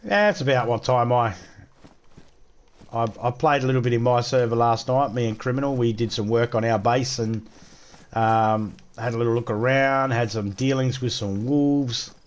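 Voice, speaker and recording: A man's voice: medium pitch, normal speed. An Australian man chatting casually to viewers as he streams a survival game, joking and swearing freely. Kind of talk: casual live-stream chat while playing.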